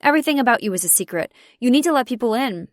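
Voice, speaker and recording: A woman's voice: on the high side, lively intonation, racing, dry recording, clean studio sound, pitched above the performer's own voice, natural voice. A woman reading an audiobook, voicing a pushy young woman who talks in a snappy, insistent way.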